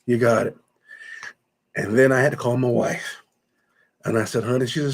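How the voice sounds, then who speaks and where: A man's voice: mid-range voice, fairly even intonation, fairly quick, gravelly, long pauses. A man as a guest, telling an emotional personal story and retelling conversations in quoted speech, choked up at times.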